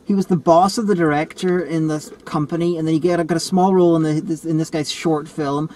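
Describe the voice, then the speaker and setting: A man in casual film review chat, rambling and animated, often restarting his sentences. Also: fairly high pitch, brisk, poor audio. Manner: rambling, animated, self-correcting.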